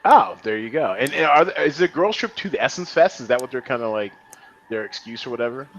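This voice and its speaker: Animated, playful male podcast host. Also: mid-range voice, fast talker, muffled recording. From Las Vegas area. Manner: playful, joking, laughs often. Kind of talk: casual chat.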